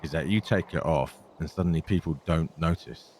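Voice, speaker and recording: A man with a very deep voice, speaking in character in a game role-play. His delivery is dry and scheming, peppered with "mate," over a faint background hiss. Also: a little fast, darkish tone. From Britain.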